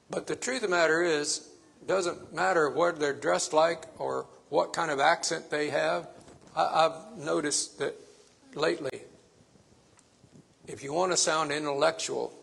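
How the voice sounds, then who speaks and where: A man's voice: fairly high pitch, gravelly, fairly bright tone, husky. A man preaching a sermon, stressing his points by repeating phrases.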